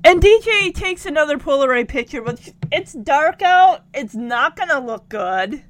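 High, lively woman telling stories. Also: a little slow. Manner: animated, emotional retelling with laughs and sighs. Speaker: vlogger. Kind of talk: casual storytelling to camera.

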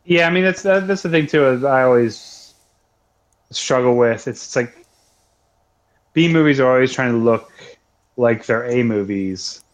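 A man's voice: mid-range voice, expressive, a little slow, long pauses. A young man co-hosting a podcast, talking casually in a rambling way with many restarts. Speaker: podcast co-host. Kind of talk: casual chat.

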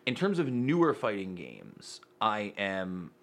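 This thirties-aged man from Utica in upstate New York speaks slowly, with a lowish, gravelly voice. As a guest on a podcast, he chats casually, acting out quotes in lively stories and cursing plenty.

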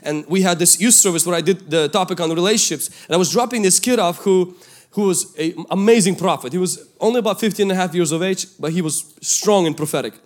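A male pastor, preaching a sermon and telling a story from his youth, swinging between loud calls and hushed asides. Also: sits high, fast talker. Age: 20s at the time of the story, now older.

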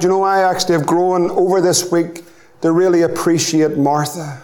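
A man's voice: on the high side, flat delivery, normal speed, a little mellow. A middle-aged man with a Northern Irish accent preaching a sermon as pastor, building to impassioned, repeated appeals.

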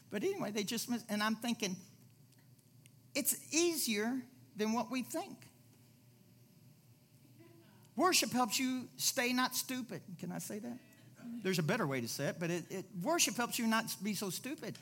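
A man preaching in a loose, conversational way, his voice leaping up high and then dropping to quiet low asides. He repeats key phrases for emphasis and drifts into chatty stories between points. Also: normal speed. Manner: animated, repeats phrases, swings between loud and soft. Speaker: pastor. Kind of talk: conversational sermon.

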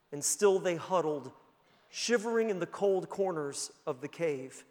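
Earnest high-voiced preacher in a reverberant church. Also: male voice, expressive, measured pace. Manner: earnest, builds to emphatic peaks. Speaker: pastor. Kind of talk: sermon with storytelling. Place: church sanctuary. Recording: long church-hall reverb.

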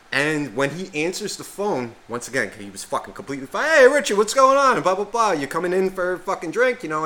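A man's voice: mid-range voice, a little hiss or hum, low-quality recording. A man telling a story on a podcast, swearing constantly and acting out the voices of the people in it. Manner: swears constantly, animated retelling with quoted voices. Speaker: podcast co-host. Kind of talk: casual storytelling chat.

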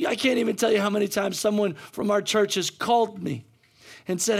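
A man pastor preaching a sermon, with many repetitions and restarts, moving from soft, low talk to loud shouting. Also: a little fast, creaky, breathy edge.

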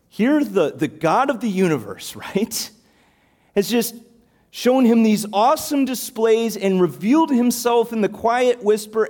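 A man preaching a sermon, animated and emphatic, throwing out rhetorical questions. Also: high voice.

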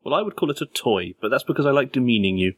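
A man's voice: mid-range voice, lively intonation, rapid-fire, a bit bright, breathy edge. A man co-hosting a casual podcast, teasing the others with dry wit. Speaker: podcast co-host.

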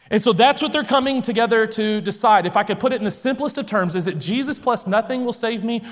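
A male pastor preaching a sermon with emphasis, repeating key phrases and moving between loud declarations and hushed lines. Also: high voice. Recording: long reverb from a large hall.

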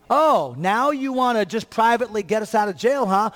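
A man's voice: high voice, lively intonation, moderate pace, hardly any pauses, a bit bright, big-room sound. A male pastor preaching a sermon with emphatic, repetitive rhetoric.

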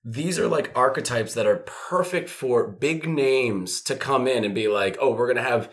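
A man's voice: mid-range voice, normal speed. A man in casual movie review chat with friends, talking loosely and rambling, with profanity and many fillers.

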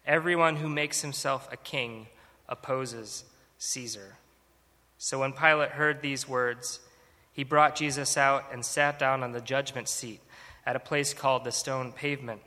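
A man giving a measured, steady reading of scripture. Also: medium pitch. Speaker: scripture reader. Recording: long hall reverb.

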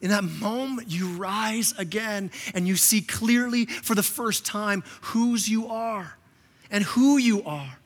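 Pastor guy preaching, high voice, stumbles over repeats, big church reverb. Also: takes it slowly. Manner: impassioned, repeats words, acts out quotes softly. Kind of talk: sermon. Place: church sanctuary. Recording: long reverb of a church hall.

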